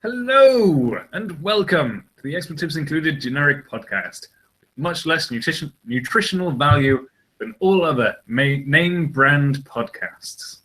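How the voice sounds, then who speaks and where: A man's voice: on the high side, expressive, unhurried, bright, forceful tone, rough recording. A man co-hosting a casual podcast chat, rambling and hesitant, often restarting his sentences. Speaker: podcast co-host.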